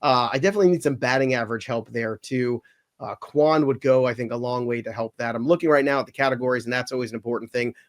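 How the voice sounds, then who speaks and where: A man hosting a casual sports podcast, animated and given to mock outrage. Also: mid-range voice. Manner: animated, mock-outraged when picks are taken. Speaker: podcast host running a mock draft.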